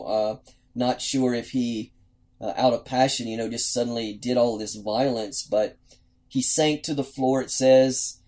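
A man leads a book discussion, reading scenes aloud and pausing to wonder about them. He speaks at an unhurried, drawn-out pace with plenty of fillers and restarts. His voice sits at an ordinary middle pitch. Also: darkish tone. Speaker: book club host.

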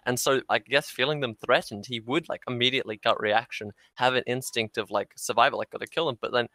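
A man with an Australian accent in a casual film discussion, thinking out loud and leaning on "like". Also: medium pitch, fairly even intonation, brisk, no echo. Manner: thoughtful, uses "like" often.

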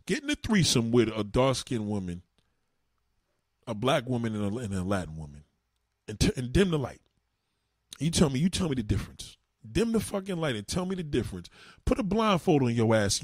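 A middle-aged man holds forth on his show in a crude, profane monologue, circling back over the same lines. His voice is husky and swings widely in pitch. The recording is close and dry. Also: no echo. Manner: animated, profane, repeats himself. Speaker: show host.

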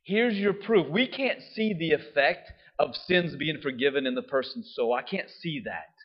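A man preaching a sermon in a lively, conversational way, often checking in with the listeners. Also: fairly high pitch, normal speed. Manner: animated, conversational, often asks "right?". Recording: dull lo-fi sound.

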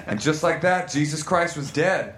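A man's voice: expressive, moderate pace, fairly bright tone. Man reading crude fiction on a comedy stage. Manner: reads dramatically, voices characters with raised pitch. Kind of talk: deadpan comic reading of erotic fiction. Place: live comedy club stage. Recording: echoey live club room, faint noise.

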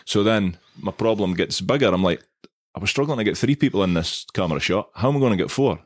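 A Scottish man with a very low voice spins a rambling, self-mocking tale for his podcast co-host. He talks in a loose, chatty way, and the recording is dry and close. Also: expressive, quick pace, dry recording. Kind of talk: casual storytelling chat.

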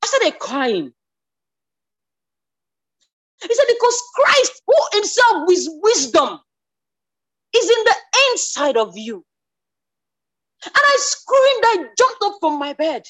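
A woman giving a spoken church testimony, stumbling over restarts, then rising to emotional, near-shouted declarations. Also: extremely high pitch, wildly swooping pitch, slow, pauses often. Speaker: church member sharing a testimony.

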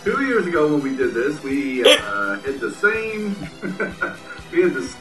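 A man's voice: on the high side, sing-song, takes it slowly, fairly bright tone, soft background music. A man co-hosting a casual chat, rambling and chuckling as he talks. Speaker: podcast co-host. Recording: roomy, distant mic.

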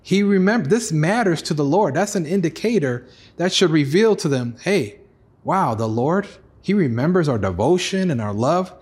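A man preaching a sermon as pastor, earnest, acting out voices with sudden rises in pitch. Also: normal speed. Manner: earnest preaching, acts out God's pleading voice, rises high for excited lines.

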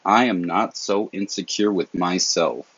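A young Southern man talks straight into the mic on his own podcast, candid and slangy, his voice low and husky. The recording is dry and a little dull, like lo-fi home gear. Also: measured pace, fairly bright tone, dry recording. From American South. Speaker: podcast host. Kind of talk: casual solo podcast talk.

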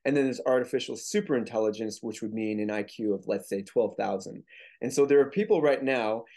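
Mellow-voiced man explaining earnestly. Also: medium pitch, brisk, gravelly. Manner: earnest, explanatory, with frequent restarts. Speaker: guest author. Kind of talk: casual interview talk.

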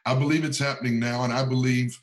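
A man talking about his book as a podcast guest, with the earnest rise and fall of a preacher. His pitch sits in an ordinary middle range, and he often repeats phrases as he builds a point. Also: fairly even intonation, fast talker, low-quality recording. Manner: earnest, sermon-like cadence with repetitions. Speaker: pastor and author, podcast guest. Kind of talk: preaching-style podcast talk.

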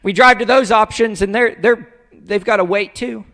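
A male pastor preaching a conversational sermon, acting out little dialogues and swinging between loud outbursts and hushed, emotional moments. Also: sits high, normal speed, in a large hall.

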